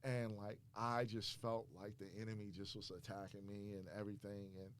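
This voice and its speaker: A man from Maryland, a podcast guest, telling his personal faith testimony in an animated way, often restarting and repeating words. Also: on the low side, moderate pace, a little hiss or hum. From Maryland, USA.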